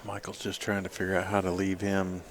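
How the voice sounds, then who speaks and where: A man giving measured, laid-back play-by-play commentary on a pool match. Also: low voice, completely flat delivery, noisy background.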